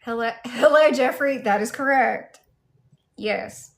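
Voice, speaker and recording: A woman's voice: fairly high pitch, a little slow. Playful Southern woman chatting with viewers on a livestream. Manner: playful, sassy, chatty, greets viewers warmly. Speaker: livestreamer in cosplay. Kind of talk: casual livestream chat reading viewer comments.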